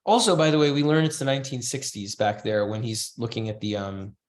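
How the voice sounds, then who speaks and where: Guy running a comics writing class, easygoing chatty critique, mid-pitched voice. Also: steady tone, brisk. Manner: loose, chatty, reads comic lines aloud in passing. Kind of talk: casual online class critique.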